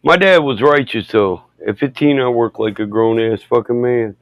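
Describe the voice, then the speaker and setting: A man chatting casually on a podcast, telling rowdy stories, swearing often and acting out quoted people loudly. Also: mid-range voice, moderate pace, no room sound, muffled recording. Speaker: podcast host. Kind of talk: casual chat, storytelling.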